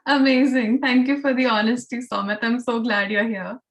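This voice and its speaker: A woman's voice: on the high side, fairly even intonation, moderate pace. A woman, a keynote speaker leading a group activity in an encouraging, chatty way. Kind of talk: online club session hosting.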